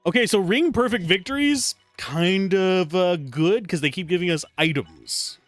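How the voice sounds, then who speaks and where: A man's voice: high-pitched, unhurried, dry recording, soft background music. A man casually commentating his game on a live stream, chatty and joking as he plays. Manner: animated, chatty, jokey asides. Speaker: streamer playing a video game.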